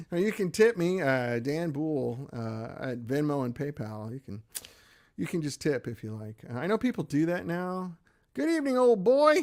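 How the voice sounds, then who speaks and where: A middle-aged American man hosting a livestream, chatting loosely and self-deprecatingly as he answers viewer comments. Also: mid-range voice. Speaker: livestream host. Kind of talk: casual chat reading viewer comments.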